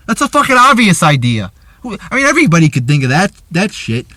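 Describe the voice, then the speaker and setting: A man's voice: fairly high pitch, big pitch swings, a little fast, bright, forceful tone, no room sound. A man reviewing a wrestling show in an angry, profane rant, often stammering and repeating his words.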